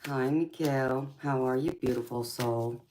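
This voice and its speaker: A woman's voice: rumbling low, unhurried, darkish tone, a little hiss or hum, low-quality recording. Sweet-talking woman tarot reader. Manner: affectionate, calls viewers sweetheart and honey. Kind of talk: live-stream tarot reading and chat.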